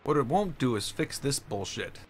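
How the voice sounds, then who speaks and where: A man's voice: medium pitch, sing-song, normal speed, slight background noise. A man streaming a building game live, complaining and ranting as he plays, with keyboard typing behind him.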